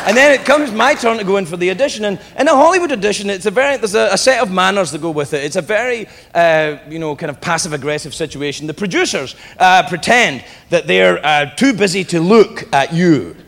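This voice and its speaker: Animated high-voiced male stand-up comic. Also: fairly quick, vocal fry, hardly any pauses. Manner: animated, swearing, laughing asides. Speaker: stand-up comedian. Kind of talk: stand-up comedy storytelling. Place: comedy stage before a live audience. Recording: live club with crowd noise.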